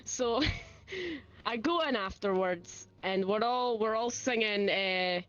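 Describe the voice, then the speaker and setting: Young Scottish woman, interview guest, animated and giggly storyteller; slightly dull lo-fi audio, faint music bed. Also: on the high side, slow. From Scotland. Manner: giggly, animated storyteller, acts out quoted voices. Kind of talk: casual chat.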